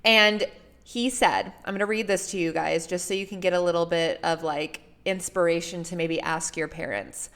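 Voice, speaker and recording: A woman's voice: fairly low pitch, steady tone, moderate pace. A woman talking casually and earnestly to her listeners, coaching them with questions. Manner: earnest and emotional, warm toward her father. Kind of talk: casual solo talk to listeners.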